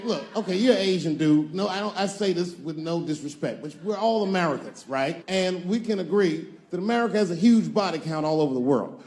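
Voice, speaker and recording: Performing stand-up, a man in his forties speaks in a high, slightly mellow voice. His material is crude, conversational storytelling, with plenty of riffing on the crowd.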